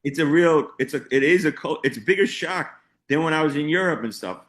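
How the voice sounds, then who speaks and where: Male comic guest, loose rambling banter, slightly high voice. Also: fairly quick. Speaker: comedian guest. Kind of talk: casual interview chat.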